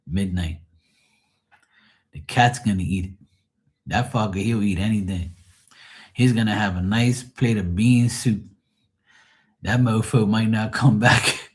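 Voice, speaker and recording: A low-voiced man hosts a live stream and chats to his viewers about food and his day. He swears freely, rambles, and laughs often, in an easygoing, unpolished way. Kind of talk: casual live-stream chat.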